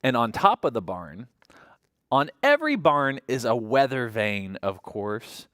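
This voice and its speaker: Sing-song storytime reader with wildly swooping pitch. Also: big pitch swings, a little slow, a bit bright, no room sound, studio quality. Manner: sing-song, imitating animal sounds, asking the children questions. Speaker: children's librarian. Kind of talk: reading a picture book aloud to toddlers.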